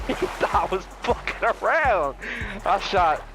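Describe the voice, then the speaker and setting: Young male game streamer, easily startled, swinging from low mutters to high yelps; music plays underneath. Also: sing-song, measured pace. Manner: jumpy, shrieks in fright then mutters. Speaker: gaming video host. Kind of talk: profane let's-play commentary. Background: background music.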